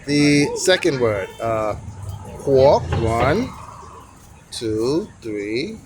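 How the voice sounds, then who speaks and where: Slow, rambling man on a sidewalk. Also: medium pitch, noisy background. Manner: rambling, counts strokes aloud slowly. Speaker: monk running a sidewalk tea stand. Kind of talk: casual vlog lesson, writing characters. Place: outdoor sidewalk stand by a street.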